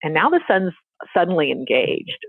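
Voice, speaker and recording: A woman therapist telling a story in a casual, animated way, acting out the people she quotes. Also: fairly low pitch, normal speed, creaky, slightly rough, no echo. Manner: animated, acts out quoted voices. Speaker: therapist and guest. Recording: tinny phone-like line.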